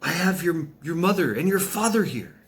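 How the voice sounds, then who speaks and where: A man's voice: a little high, animated, normal speed, voice pushed up, lightly acted. A man voicing a half-corpse goddess who rules the dead, imperious and resentful, giving orders. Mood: coaxing.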